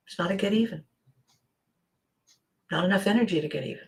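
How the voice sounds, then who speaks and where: A woman hosting a motivational monologue, acting out little scenes and dropping to a soft near-whisper for emphasis. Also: on the low side, a little fast, pauses often. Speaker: podcast host.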